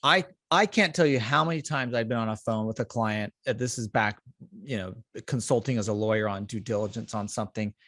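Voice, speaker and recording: A man's voice: fairly low pitch, fairly quick, no echo, studio quality. A man hosting a podcast, a lawyer chatting casually and emphatically about investing. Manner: emphatic, acts out clients' excited questions.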